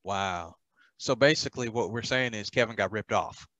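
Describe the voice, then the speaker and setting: A man's voice: on the low side, moderate pace, fairly bright tone, no echo. Dry-witted man teasing his co-host. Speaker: podcast co-host. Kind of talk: casual podcast banter.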